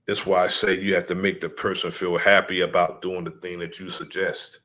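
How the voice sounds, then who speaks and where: A man addressing his followers in a deliberate, preaching cadence, repeating his key points. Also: low-pitched, flat delivery, sharp tone.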